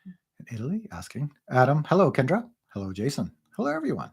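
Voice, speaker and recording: A man's voice: mid-range voice, huge pitch swings, fairly quick, breathy edge. A man in his thirties co-hosting a casual livestream, greeting viewers and reading their comments aloud with frequent laughs. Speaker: livestream co-host.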